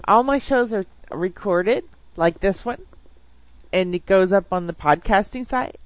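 A woman hosts her live music stream, chatting casually and teasing her guests. Her voice sits at a middle pitch. The sound is dry and close. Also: measured pace, no room sound, low-quality recording. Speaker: host of a music stream and podcast. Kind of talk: casual live show chat.

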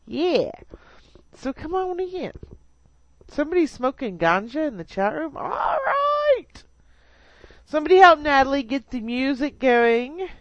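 Brief: giggly woman radio host, slightly high voice, dry close mic. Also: animated, normal speed, no echo, highs cut off. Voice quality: chatty, giggly, playful. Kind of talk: casual radio banter.

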